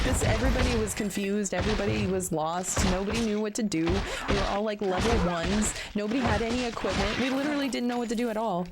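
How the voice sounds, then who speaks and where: A woman in her thirties talking candidly in casual chat, questioning herself and halting with fillers. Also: medium pitch. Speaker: stream co-host.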